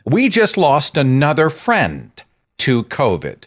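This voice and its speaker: A man's voice: on the high side, huge pitch swings, takes it slowly. A middle-aged man hosting a podcast monologue, impassioned and exasperated, moving between dry asides and outbursts. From Oklahoma, USA. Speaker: podcast host.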